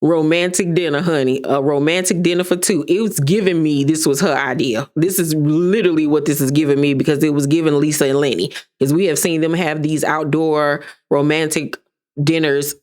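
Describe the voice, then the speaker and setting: A woman in her thirties giving a sassy, gossipy casual recap of a reality show, sometimes mimicking the cast. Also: low-pitched. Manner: sassy, gossipy, animated impressions of cast members.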